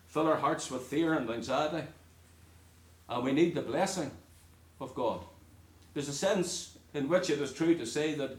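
A man from the United Kingdom preaching a sermon, earnest and emphatic, with pauses between phrases. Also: fairly high pitch, roomy sound.

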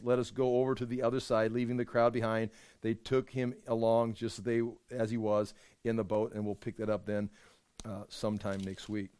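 A man's voice: mid-range voice, darkish tone, clean tone, dry recording, clean studio sound. A man teaching a verse-by-verse bible study, explaining as he goes and often repeating words while he thinks aloud.

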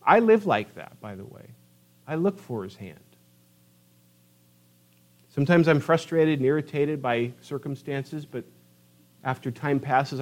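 A middle-aged man preaching a sermon, lively and emphatic, reading scripture and pressing home his points. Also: medium pitch, unhurried, long pauses. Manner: animated preaching, rising to emphatic peaks. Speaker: pastor.

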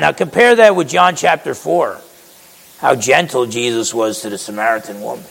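A man's voice: medium pitch, normal speed, creaky, fairly bright tone, slightly rough, long reverb tail, rough recording. A man preaching a sermon in a conversational way, acting out quotes and often restarting his words.

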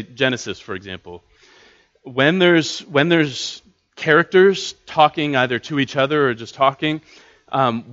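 A man's voice: medium pitch, fairly bright tone, lo-fi sound. A man teaching a Bible study class in a casual way, with many fillers and restarts.

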